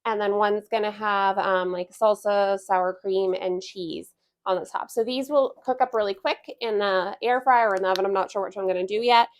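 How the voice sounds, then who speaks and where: Woman, thirties, casual cooking vlog, home kitchen, chatty, relaxed, middling pitch. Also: normal speed. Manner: chatty, relaxed, with laughs and fillers. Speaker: homestead cooking vlogger.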